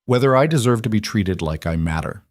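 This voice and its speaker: A man's voice: fairly low pitch, animated, a little fast, no room sound, studio quality, natural voice. A man voicing a guarded, worn-down young woman in a bar who halts and breaks off mid-sentence.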